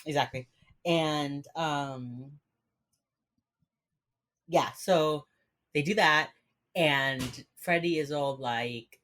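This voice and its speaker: A young adult woman co-hosting a podcast in relaxed, chatty talk, laughing often, recorded over a video call. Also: very deep voice, slow, long pauses. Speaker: podcast co-host. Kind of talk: casual chat. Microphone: remote video call.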